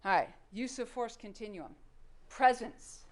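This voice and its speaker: A woman's voice: on the high side, expressive, measured pace, echoey room. A woman prosecutor delivering a courtroom closing argument, firing pointed rhetorical questions at the jury.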